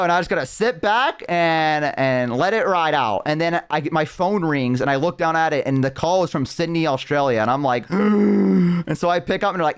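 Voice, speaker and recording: A man streaming from home, chatting casually and telling a story with lively acted-out quotes. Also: a little high, normal speed, few pauses, clear, resonant tone. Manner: animated storyteller, acts out quoted voices. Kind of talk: casual chat.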